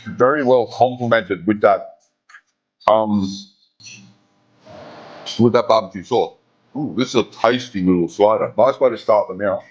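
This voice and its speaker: A man's voice: fairly low pitch, measured pace, long pauses, lo-fi sound. A man reviewing food at a restaurant table, speaking casually and humming as he savors each bite, recorded on a camera set on the table. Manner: relaxed, savoring each bite with frequent hums. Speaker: food vlogger. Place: indoor restaurant. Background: faint background music.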